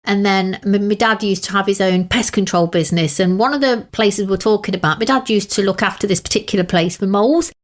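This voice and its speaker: A woman's voice: mid-range voice, fast, few pauses. A woman from England co-hosting a podcast, telling stories in a chatty, casual way. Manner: chatty, storytelling. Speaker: podcast co-host. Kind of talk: casual chat.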